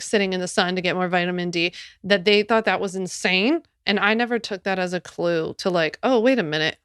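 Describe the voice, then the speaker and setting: A woman's voice: mid-range voice, fairly bright tone, smooth, no echo, clean studio sound. Chatty, laughing woman podcaster. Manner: chatty, laughing, sarcastic asides. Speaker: podcast host. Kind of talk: casual solo podcast talk.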